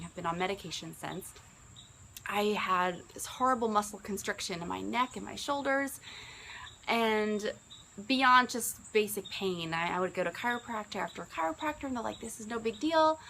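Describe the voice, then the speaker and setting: A woman's voice: mid-range voice, bright, forceful tone, slight background noise, rough recording. A woman in her early forties, a business coach, telling her own story in an earnest, conversational way. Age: 40s. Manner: earnest, conversational, with rises when quoting herself. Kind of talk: personal testimonial talk.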